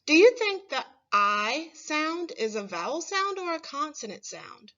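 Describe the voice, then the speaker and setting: Slow, bright-voiced woman teaching phonics. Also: on the high side, highs cut off. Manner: slow, clear, stressing single words for children to repeat. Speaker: first grade teacher. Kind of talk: phonics lesson for young children.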